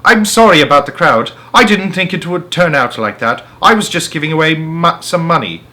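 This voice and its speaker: A man voicing a cheerful, generous gentleman who calls out from a balcony. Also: fairly high pitch, lively intonation, moderate pace, pitched above the performer's own voice. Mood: apologetic. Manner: calling out loudly, then apologetic.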